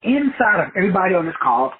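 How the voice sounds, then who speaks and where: A man's voice: sits high, very animated, fast talker, breathy edge. A man hosting a talk show, giving a preachy motivational monologue full of wordplay and repeated phrases. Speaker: podcast host. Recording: tinny phone-like line.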